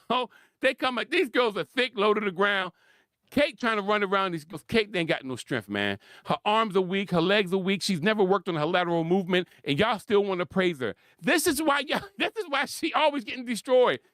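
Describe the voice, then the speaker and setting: A man's voice: high voice, animated, moderate pace, a bit bright, no room sound, clean studio sound. A man hosting his own sports commentary, ranting his opinions with frequent laughs and repeated points for emphasis. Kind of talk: opinionated solo sports rant.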